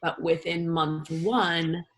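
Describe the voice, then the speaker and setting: A woman talking as an interview guest, rambling and animated, with many fillers and restarts. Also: low voice, takes it slowly, husky. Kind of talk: casual interview chat.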